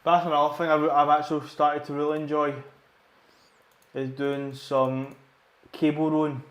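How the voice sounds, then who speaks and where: A man's voice: fairly high pitch, little pitch movement, normal speed, reverberant. A Scottish man chatting casually and rambling while training in a gym, swearing often and repeating himself. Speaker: livestreaming gym-goer.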